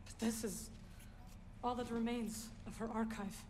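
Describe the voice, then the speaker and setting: A woman's voice: fairly high pitch, fairly even intonation, unhurried, a little mellow, a little hiss or hum, natural voice. A woman voicing a grave, solemn woman character in a video game. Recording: game audio with long hall reverb.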